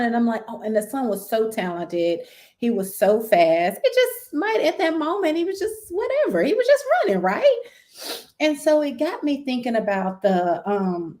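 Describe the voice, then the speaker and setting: Earnest woman telling a story. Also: medium pitch. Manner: earnest, storytelling, animated when recounting. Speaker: guest. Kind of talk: conversational discussion.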